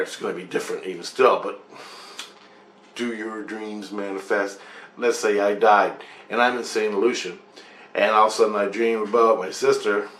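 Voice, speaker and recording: A man's voice: lowish voice, fairly bright tone, a little hiss or hum. A man vlogging, telling a dream story in a loose, profane, meandering way. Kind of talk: rambling casual storytelling. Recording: echoey room with faint ambience.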